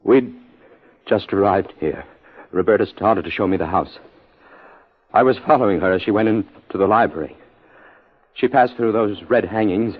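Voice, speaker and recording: Shaken young groom, stammers, husky lowish voice, muffled old radio. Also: male voice, normal speed, long pauses. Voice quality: stammering, distraught. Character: shaken haggard young newlywed man. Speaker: widowed groom. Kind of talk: 1950s radio drama acting. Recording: dull old radio broadcast.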